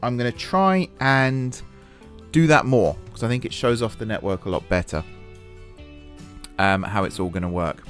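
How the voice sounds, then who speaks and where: This is a man with a fairly low voice hosting a casual building-game let's-play. He chats and plans out loud as he works. He shrugs off his own blunders with easygoing humor. Soft background music sits under his talk. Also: normal speed. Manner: chatty, thinking aloud while building; self-deprecating about mistakes. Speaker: gaming channel host.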